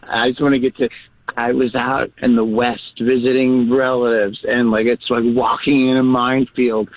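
A man's voice: medium pitch, little pitch movement, moderate pace, no echo. A male caller eagerly telling a story on a late-night radio show, full of fillers. His voice is thin and tinny, as over a phone line. It sounds dry. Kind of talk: chatty call-in anecdote.

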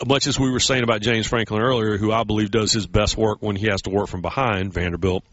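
A man's voice: fairly low pitch, fast, no room sound. Chatty storytelling man, dull dry sound. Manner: storytelling, animated quoted voices. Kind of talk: casual chat.

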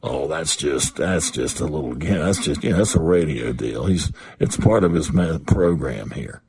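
A preacher putting on the devil's low, scoffing mutter. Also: male voice, lively intonation, normal speed, vocal fry, darkish tone, breathy edge, exaggerated voice. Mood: dismissive. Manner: low muttering, brushing things off. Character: the devil, scoffing dismissive male tempter.

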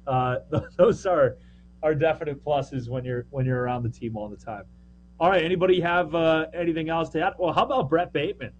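A man's voice: on the high side, muffled recording. Chatty joking man broadcaster. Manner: chatty, joking, quick asides. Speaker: minor league broadcaster. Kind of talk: casual podcast chat.

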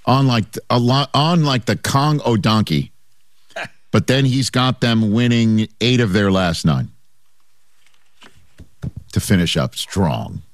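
Playful low-voiced male radio host. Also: expressive, slow pace, long pauses, dry recording. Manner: playful, joking banter. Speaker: sports radio show host. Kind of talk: casual sports talk radio chat.

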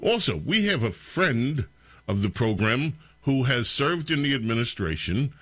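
A man hosting a talk radio show, commenting in a sarcastic, animated and incredulous way. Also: mid-range voice, unhurried, no echo.

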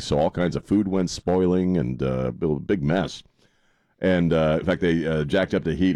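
A man's voice: very deep voice, darkish tone, no echo, clean studio sound. A male radio co-host telling stories in a casual, rambling way with many fillers. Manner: rambling, filler-heavy storytelling. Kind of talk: casual talk radio chat.

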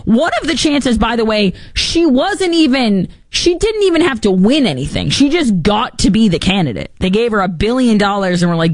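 A woman's voice: medium pitch, sing-song, normal speed, dry recording, clean studio sound. A woman hosting a political talk show, giving opinionated commentary with sarcastic asides and mocking put-on quotes. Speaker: podcast host.

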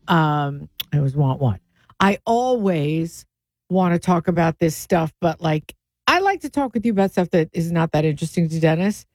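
A woman's voice: fairly low pitch, a little mellow, no room sound. Curious woman hosting a radio show. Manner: curious, playful questioner. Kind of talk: casual on-air chat.

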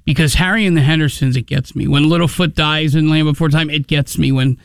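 A man's voice: on the high side, fairly even intonation, brisk, creaky, smooth, no room sound, clean studio sound. A male radio show host chatting casually in an earnest, emotional, rambling way.

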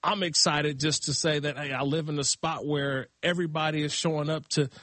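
A man's voice: fairly high pitch, fairly even intonation, fairly quick, fairly bright tone, dry recording. A middle-aged man filling in as a sports radio host, chatting casually and laughing, with loose restarts. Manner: laid-back, laughing, talks in loose restarts. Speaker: fill-in radio show host.

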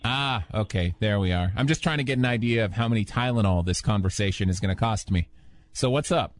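A man's voice: fairly low pitch, brisk. A man hosting a talk radio phone-in show and teasing a caller in a wry, dry way.

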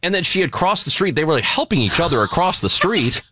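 A man co-hosting a talk show, telling an embarrassing story in a casual, animated, self-mocking way. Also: fairly high pitch, quick pace.

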